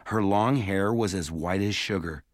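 A man reading a story aloud as an audiobook narrator, in a measured, even way. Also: low voice, no echo, clean studio sound. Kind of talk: scripted narration.

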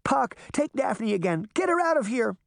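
A man's voice: very high voice, big pitch swings, moderate pace, gravelly, fairly bright tone, no room sound, clean studio sound, voice pushed up, exaggerated voice. A man voicing an anxious, bossy older sister in an audiobook. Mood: urgent. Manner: urgent and scolding. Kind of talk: audiobook character voice.

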